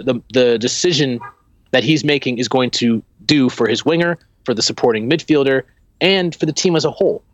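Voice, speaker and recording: A man co-hosting a casual football podcast, talking in an animated, rambling way with many restarts. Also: medium pitch, no echo, muffled recording. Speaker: podcast co-host.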